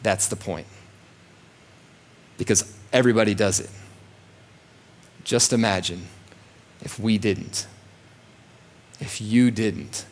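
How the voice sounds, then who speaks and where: A man delivers a church sermon in a fairly low voice. He presses his points by repeating phrases and slips into mock complaining voices to make them. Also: slow, pauses often. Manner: emphatic, repeats phrases, acts out grumbling voices. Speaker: pastor.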